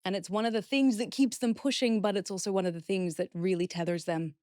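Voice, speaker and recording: A woman's voice: mid-range voice, steady tone, fast, warm tone, dry recording, studio quality. A woman speaking as a guest expert in a podcast interview, explaining steps earnestly and acting out example phrases.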